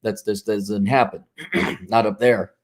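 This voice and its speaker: A man's voice: fairly low pitch, steady tone, slow pace. A man talking bluntly and sarcastically in a casual monologue, rambling. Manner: sarcastic, acts out mock voices. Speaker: commentator.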